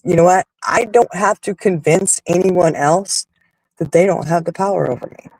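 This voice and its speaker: A talk show host gives a candid monologue on personal growth in a somewhat high, gravelly, darkish voice. He rambles and restarts while thinking aloud, growing emphatic and blunt, and swears now and then. The rough recording is dry and close, with no echo.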